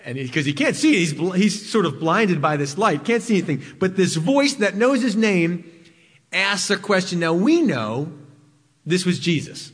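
A man preaching a sermon in a church, telling a personal story and moving between loud emphasis and quiet, intimate passages. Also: high-pitched, animated, normal speed, husky, in a large hall. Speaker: pastor. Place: church sanctuary.

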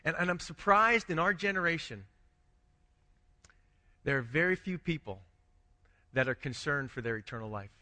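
A man pastor delivers a sermon in a talky, questioning way. His voice sits high and sounds sharp and bright. A long reverb from the church hall follows each phrase. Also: expressive, moderate pace, pauses often. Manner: conversational preaching, frequent restarts, rhetorical questions.

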